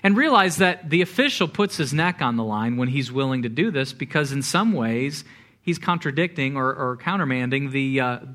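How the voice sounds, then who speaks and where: A man preaching a sermon as pastor, animated, with repeated words and acted-out quotes. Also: mid-range voice, moderate pace.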